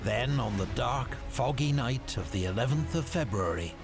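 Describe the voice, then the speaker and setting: A man giving a measured, dramatic scripted narration for a history documentary. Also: medium pitch, lively intonation. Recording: documentary clip played back with music. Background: music.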